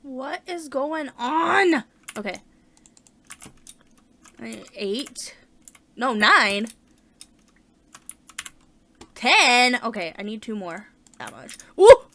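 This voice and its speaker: एक महिला अपना गेम खेलते हुए बातचीत के अंदाज़ में कमेंट्री करती है, ज़ोर से सोचती है और बीच-बीच में उत्साह से उछल पड़ती है।. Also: female voice, a little high, slow, pauses often. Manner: chatty, thinks aloud, bursts of excitement. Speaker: gaming channel host. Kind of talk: casual let's-play commentary.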